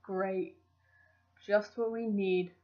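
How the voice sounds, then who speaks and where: A woman's voice: medium pitch, unhurried, lo-fi sound, lightly acted. A woman playing a weary, exasperated male crew leader. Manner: flat, exasperated, clipped.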